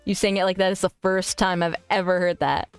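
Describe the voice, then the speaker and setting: A woman's voice: on the low side, little pitch movement, a little fast, smooth, no echo, soft background music. Joking, crude-mouthed woman streamer. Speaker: VTuber streamer. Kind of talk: casual live-stream chat, reading viewer messages aloud.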